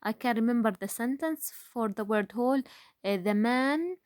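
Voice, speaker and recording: A woman teaching a grade one phonics lesson in English, talking slowly and patiently with many fillers and questions to the children. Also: on the high side, animated, a little mellow, no echo, studio quality. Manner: slow, patient, with frequent fillers and rhetorical questions.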